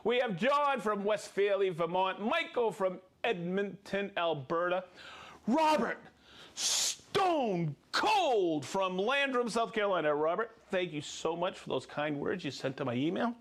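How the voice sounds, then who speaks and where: An upbeat American man hosting a live stream, chatting casually and joking. His voice sits fairly high for a man. He rattles off names with easy energy. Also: animated, normal speed, few pauses. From United States. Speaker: livestream host.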